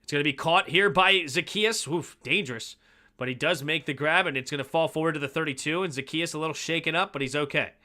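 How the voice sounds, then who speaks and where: A man hosting a fan livestream who gives casual play-by-play and analysis, with sudden loud, excited reactions to big plays. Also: on the high side, fast talker. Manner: excitable, bursts of loud reactions over steady calls.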